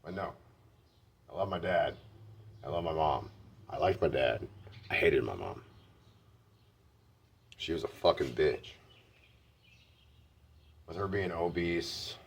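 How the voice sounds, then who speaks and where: A man's voice: very deep voice, animated, takes it slowly, creaky, long pauses, breathy edge. A man telling candid personal stories in a blunt, heavily profane way. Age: adult. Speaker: vlogger.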